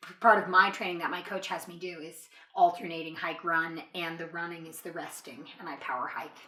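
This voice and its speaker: A woman's voice: on the low side, steady tone, a little fast, a bit bright, roomy sound. A woman hosting a casual interview, chatty, laughing often and using many fillers. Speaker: podcast host.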